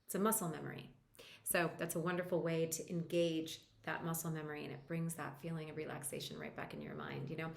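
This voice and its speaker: A woman coach leading a guided tapping lesson, talking the listener through each step in a calm, reassuring way. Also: fairly low pitch. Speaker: EFT practitioner and coach. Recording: roomy echo.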